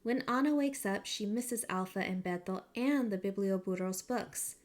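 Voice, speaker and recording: A woman teacher reads a children's picture book aloud, telling the story with expression. She pauses to point listeners to details in the illustrations, in a clear classroom read-aloud manner. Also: mid-range voice.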